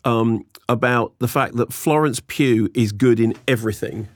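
A man's voice: mid-range voice, normal speed, no echo, studio quality. A British man co-hosting a podcast, chatting casually about films and telling stories with acted-out quotes. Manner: animated storytelling, acts out quoted voices. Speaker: podcast co-host. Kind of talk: casual film chat.

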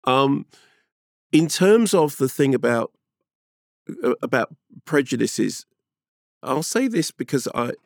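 Gravelly middle-aged man, loud and emphatic. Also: medium pitch, slow pace, pauses often, no room sound, studio quality. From England. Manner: animated, emphatic storyteller who talks loudly. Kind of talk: casual chat.

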